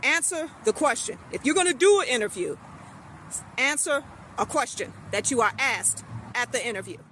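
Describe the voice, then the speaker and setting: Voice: sits high, lively intonation, normal speed, pushed and bright, slight background noise, low-quality recording. A speaker lecturing straight to camera in a repetitive, emphatic rant. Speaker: social media commentator. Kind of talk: direct-address rant to camera.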